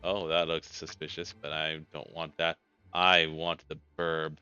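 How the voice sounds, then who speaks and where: A man's voice: a bass voice, level tone, a little slow, bright, forceful tone, smooth, faint music behind. A man giving rambling, joking commentary while playing a video game, correcting himself as he goes, over a dull lo-fi capture. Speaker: let's play gamer. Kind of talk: casual gameplay commentary.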